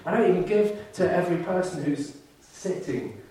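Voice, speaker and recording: A man's voice: high voice, animated, moderate pace, mellow, a little hiss or hum. A man preaching a sermon with earnest fervour, now and then mimicking grumbling churchgoers in a put-on voice. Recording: very echoey hall, mic far off.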